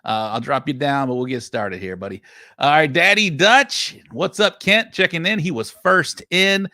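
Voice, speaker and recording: A man with a drawl hosts a live stream, greeting viewers one by one with lively energy. His voice is bright and forceful, recorded dry and close with no room sound. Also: fairly high pitch, moderate pace, dry recording. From Texas. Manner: energetic, hypes viewers and reads out shout-outs. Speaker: host of a live online barbecue show.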